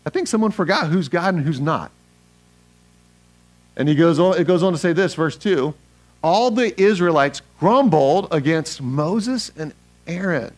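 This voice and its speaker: A man preaching a sermon as pastor, animated, leading the congregation to read verses aloud with him. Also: on the high side, measured pace.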